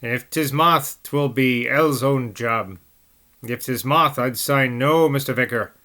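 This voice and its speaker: A man voicing a shrill old Cockney woman in a slow dialect-heavy drawl in a novel reading. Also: sharp tone. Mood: grumbling. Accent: Cockney, put on.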